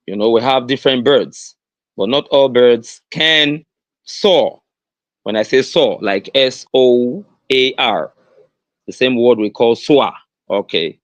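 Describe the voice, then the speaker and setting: Earnest Nigerian-accented male host, unhurried delivery, repeats his points, dry recording. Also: mid-range voice, no room sound. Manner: repeats key phrases, stressing them slowly; earnest, with many fillers and restarts. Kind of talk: motivational livestream talk.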